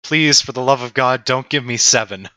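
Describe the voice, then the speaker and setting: Excitable young male tutor, bright voice. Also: mid-range voice, moderate pace, smooth, no room sound. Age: young adult. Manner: animated, self-mocking, talks to chat. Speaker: teaching assistant. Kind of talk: livestreamed programming tutorial.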